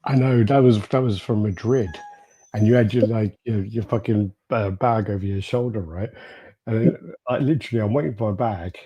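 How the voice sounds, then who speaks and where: A man co-hosting a podcast tells rambling stories in casual chat, swearing freely and laughing often. His voice has a fairly low pitch, a dark tone and a moderate pace, and the recording sounds lo-fi with slight background noise.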